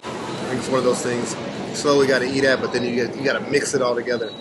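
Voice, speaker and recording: An American man chatting as he films his travels, thinking aloud with fillers, a bit hoarse. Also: medium pitch, flat delivery, racing. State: losing his voice. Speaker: travel vlogger. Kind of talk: casual travel vlog narration. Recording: noisy outdoor street sound.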